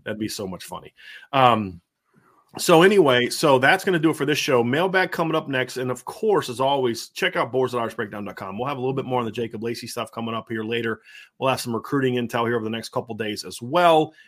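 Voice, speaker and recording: A man with a Savannah, Georgia accent hosting a sports podcast, excitable and rambling, often repeating himself. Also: medium pitch, fast. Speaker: podcast host. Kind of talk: casual sports podcast chat.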